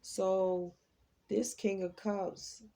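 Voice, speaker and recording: A woman's voice: medium pitch, little pitch movement, very slow, creaky, warm tone. A woman hosting a tarot reading, talking in a chatty, slangy way and exclaiming as she reads the cards. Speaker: psychic tarot reader, host.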